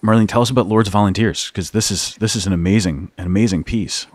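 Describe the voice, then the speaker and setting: Low-voiced priest telling a lively story. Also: male voice, fast talker, no echo. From United States, East Coast. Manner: animated storyteller, acts out quotes, laughs often. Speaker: priest and podcast host. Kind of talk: storytelling in casual conversation.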